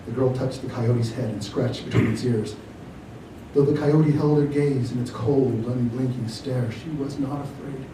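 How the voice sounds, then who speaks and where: A man, an author, reads his own fiction aloud at a library event in a measured, expressive storytelling manner. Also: medium pitch. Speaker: author reading his work. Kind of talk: live reading of fiction. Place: library reading room. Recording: roomy hall from far off, faint noise.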